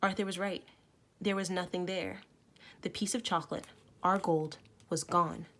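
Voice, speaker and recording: Woman teacher reading a story aloud, low voice. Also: normal speed. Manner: expressive, with small self-corrections. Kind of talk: reading a novel aloud to students. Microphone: recorded at home for online learning.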